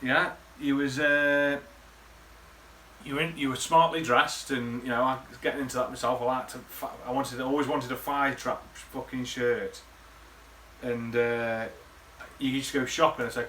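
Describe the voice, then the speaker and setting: A man talks straight to camera at home, rambling and swearing through old memories in a laddish, matey way. His voice is bright and forward, at a middling pitch. A faint room hum sits behind him. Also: steady tone, normal speed. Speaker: vlogger. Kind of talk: casual reminiscing monologue.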